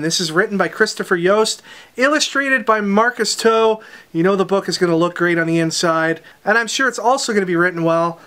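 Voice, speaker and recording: Man, comic shop host, brisk upbeat rundown, sharp tone. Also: high-pitched. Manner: brisk, upbeat listing with dry asides. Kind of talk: unboxing product rundown. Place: comic book store.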